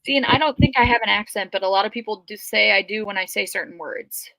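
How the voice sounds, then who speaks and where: A woman's voice: medium pitch, fast talker, vocal fry, sharp tone, no room sound. A woman with a Minnesota accent, telling her story as a guest in a casual livestream chat, rambling with frequent ums.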